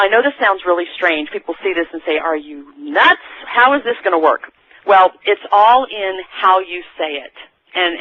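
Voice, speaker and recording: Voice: mid-range voice, dry recording. Chatty sales trainer on a dull, dry recording. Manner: conversational, with frequent restarts.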